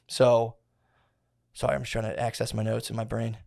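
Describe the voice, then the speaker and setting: A man's voice: mid-range voice, little pitch movement, moderate pace, gravelly, pauses often, a little mellow. Rambling, profane young man. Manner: rambling, profane, slangy storytelling with many fillers. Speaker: podcast co-host. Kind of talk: casual podcast chat.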